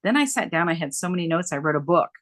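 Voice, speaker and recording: A middle-aged woman, a guest on an interview, telling her story in a lively, emphatic way and repeating phrases for effect. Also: lowish voice, fast talker, a little hiss or hum. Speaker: guest, dementia care coach.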